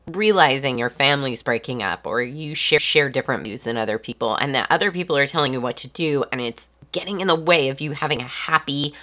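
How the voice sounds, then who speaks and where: A live stream host in her forties talks casually and reflectively in a low-pitched, sharp, nasal voice that sounds congested. She's hesitant throughout, with frequent ums and restarts.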